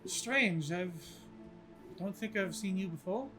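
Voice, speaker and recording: A regal, courteous stranger from a dream, formal and quietly curious, as a man game master puts him on. Music plays under the voice. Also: high-pitched, lively intonation, slow pace.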